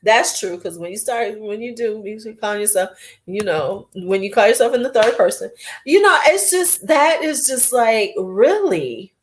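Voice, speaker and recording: Woman in her forties, beauty vlogger, blunt, animated, self-mocking, casual chat. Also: fairly high pitch, normal speed. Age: 40s.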